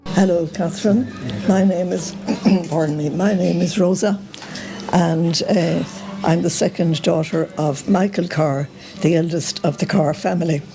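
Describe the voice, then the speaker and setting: An older Irish woman telling family stories to the camera in a relaxed, meandering way, often pausing with "uh" and "um". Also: on the low side, creaky, music in the background, rough recording. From Ireland. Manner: meandering, full of uh and um. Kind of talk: casual storytelling to camera.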